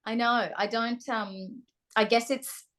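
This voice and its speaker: A young woman with an Australian accent, chatting as an interview guest and often pausing with ums and restarts. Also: fairly high pitch, fairly even intonation, fairly bright tone. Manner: hesitant, restarts, frequent ums. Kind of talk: casual interview chat.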